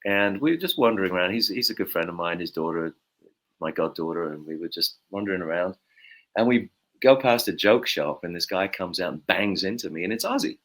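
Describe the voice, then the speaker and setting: A man, a bassist telling stories in an interview, with lots of fillers. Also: expressive, a little fast, fairly bright tone. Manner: rambling storyteller, many fillers. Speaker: guest bassist. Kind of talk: anecdotal interview talk.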